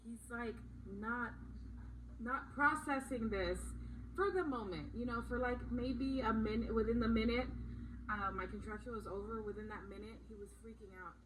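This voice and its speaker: A woman's voice: fairly high pitch, normal speed, crowd noise, low-quality recording. A young woman vlogger telling a personal story in a rambling, emphatic way, full of fillers.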